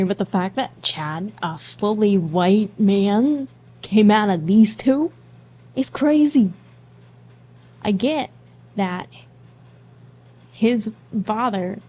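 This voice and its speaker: A woman's voice: medium pitch, dark tone, breathy edge. A woman hosting a casual movie reaction, blunt and snarky, swearing freely.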